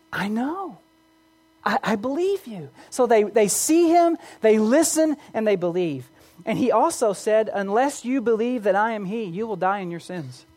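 A woman's voice: medium pitch, darkish tone. A woman preaching a sermon, earnest, reading scripture aloud and posing rhetorical questions to the congregation.

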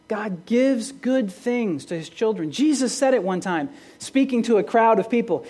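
A woman's voice: fairly high pitch, expressive, normal speed, few pauses, warm tone. Earnest woman preaching a sermon. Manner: earnest, rising emphasis on key phrases; asks the congregation rhetorical questions. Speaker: pastor.

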